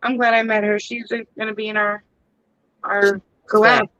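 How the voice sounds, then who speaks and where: A woman's voice: mid-range voice, flat delivery, normal speed, a bit bright, no echo, lo-fi sound. A woman co-hosting a casual live stream, chatting and telling stories. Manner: chatty storyteller.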